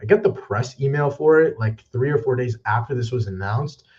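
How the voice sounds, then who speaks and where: This is a young man's mid-range, slightly mellow voice, delivered briskly as he hosts a casual movie news livestream. He rambles, says sorry a lot, jokes at his own expense, and sounds a little out of breath. He's using a backup mic rather than his normal one, and it sounds dull and lo-fi.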